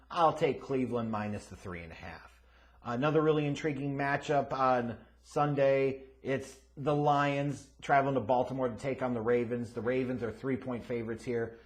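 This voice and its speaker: A man hosting his own sports picks show, casual and profane, dropping to quiet mutters and then bursting into loud, unhinged rants. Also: mid-range voice, normal speed. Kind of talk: casual sports betting commentary.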